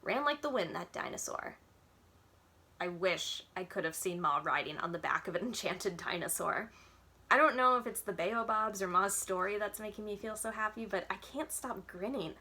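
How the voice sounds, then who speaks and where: A woman, a children's librarian, reading a children's novel aloud in clear, even narration. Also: mid-range voice, moderate pace.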